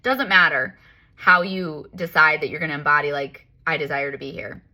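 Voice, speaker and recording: A woman talks through her spiritual practice in an easy, personal monologue. Her voice sits fairly low yet sounds bright and forceful, and she leans on repetition and emphatic self-talk. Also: moderate pace. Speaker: spiritual life coach. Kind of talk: casual reflective self-help monologue.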